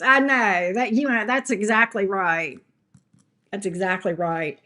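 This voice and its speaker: A woman's voice: mid-range voice, slow pace, a bit bright. An older woman hosting a live tarot stream, chatty and blunt, greeting viewers by name. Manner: chatty, talks straight to chat viewers by name; blunt and sassy. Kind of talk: casual live-stream chat.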